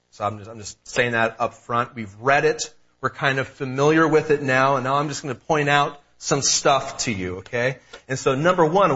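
A man's voice: medium pitch, a bit bright, dull audio. A man preaching a sermon as pastor, earnest and emphatic, repeating key phrases for weight.

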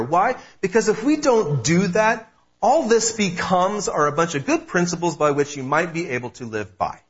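Earnest man preaching, slightly high voice. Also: muffled recording. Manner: earnest, emphatic preaching with repeated key phrases. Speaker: pastor. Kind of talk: sermon.

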